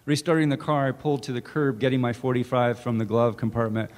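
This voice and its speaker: A man, an author, reading his own fiction aloud in a measured, deliberate way at a campus event. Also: medium pitch, little pitch movement, darkish tone. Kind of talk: literary reading. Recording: reverberant hall.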